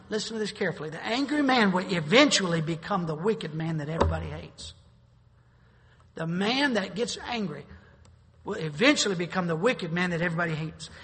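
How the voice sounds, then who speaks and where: A middle-aged man preaches in a high, bright voice, telling homespun stories and then pressing his point hard. His words ring out with a long reverb, as in a church hall. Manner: folksy storytelling, with bursts of forceful preaching. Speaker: pastor. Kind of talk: sermon. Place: church sanctuary.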